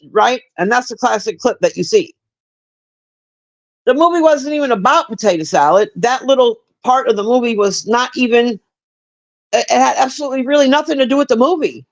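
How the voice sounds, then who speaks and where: On a livestream, a woman with a higher voice gives a casual, rambling movie review at a normal speed. She's blunt and profane and chats with her live viewers in between.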